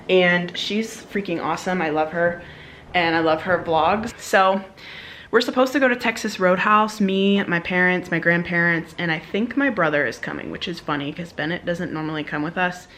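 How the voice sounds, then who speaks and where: A woman's voice: lowish voice, normal speed, fairly bright tone. Chatty young woman in an echoey room. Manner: bubbly and chatty, lots of fillers. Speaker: vlogger. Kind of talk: casual vlog chat. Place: home, indoors. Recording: echoey room, faint background noise.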